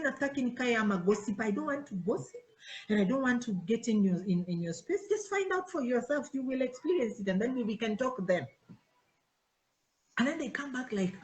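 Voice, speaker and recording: A woman's voice: fairly high pitch, reverberant, poor audio. A woman, a pastor's wife giving an informal church teaching to her worship team and acting out conversations in different voices. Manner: animated, acts out dialogues in changing voices.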